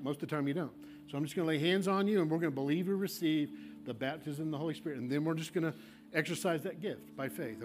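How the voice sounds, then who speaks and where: Pastor, male, fairly high register, fervent and repetitive in prayer, slight noise under the voice. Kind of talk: sermon with altar call and prayer. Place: church sanctuary.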